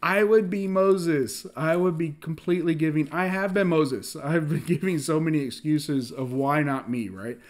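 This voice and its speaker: A man giving a casual sermon, animated, often laughing and acting out the dialogue of the story, with frequent restarts and filler words. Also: on the high side, moderate pace, few pauses. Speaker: preacher.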